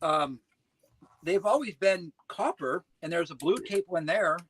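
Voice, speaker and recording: A man chatting casually on a livestream, retelling stories in an animated way. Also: a little high, a little slow, husky, no echo, rough recording. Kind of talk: casual chat.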